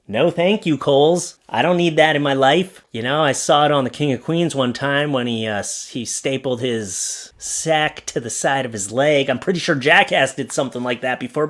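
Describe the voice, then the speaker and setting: A man in his thirties giving jokey, sarcastic commentary on bad advertising signs, talking straight to viewers. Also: mid-range voice. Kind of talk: comedic commentary on funny signs.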